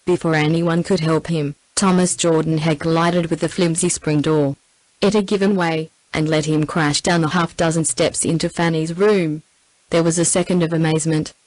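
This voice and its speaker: A synthetic woman's voice with an Australian accent reading a novel aloud in an even, scripted narration. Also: low-pitched, no echo, rough recording. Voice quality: even synthetic text-to-speech delivery. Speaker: audiobook narrator.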